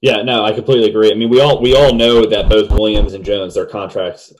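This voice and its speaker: A man's voice: lowish voice, fairly even intonation, fast talker, a little hiss or hum, poor audio. A man co-hosting a sports talk show, casual and agreeable, often restarting his sentences. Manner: easygoing, agreeable, with repeated restarts.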